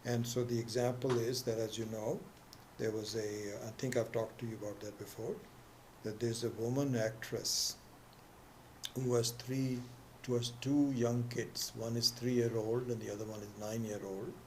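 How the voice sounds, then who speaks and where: A male teacher giving a scripture class in a steady mid-range voice. He tells stories with halting restarts and slips into different voices for the people in them. Faint noise sits under his speech. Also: mid-range voice. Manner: storytelling, acts out quoted voices. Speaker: spiritual teacher.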